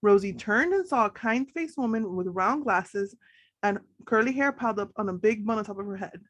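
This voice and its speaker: A woman reading a children's picture book aloud to a group of educators, expressive and guiding them through slow breathing. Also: mid-range voice. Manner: expressive, leads breathing along.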